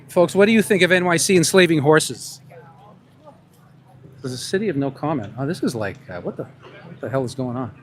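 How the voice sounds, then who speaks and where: A man's voice: fairly high pitch, slight background noise. A man doing a confrontational street vlog in a put-on New York accent, firing leading questions at passersby outdoors and muttering asides to a tripod camera. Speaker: street interviewer.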